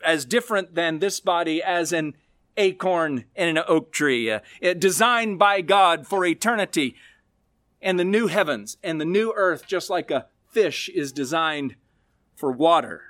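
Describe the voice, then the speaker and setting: A male pastor preaching a sermon, expressive, with slow, emphatic stresses on key words. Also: on the high side, dry recording, studio quality.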